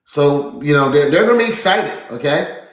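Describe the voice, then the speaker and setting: A man giving an energetic, repetitive seminar talk as a real estate business coach, often calling his listeners folks. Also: fairly high pitch, normal speed, echoey room.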